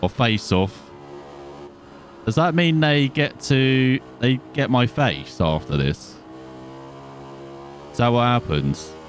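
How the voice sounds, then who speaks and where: A man's voice: medium pitch, expressive, takes it slowly, long pauses, faint music behind. A man giving casual, self-mocking commentary while playing a racing game. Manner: chatty, self-mocking, easily distracted. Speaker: gaming video host.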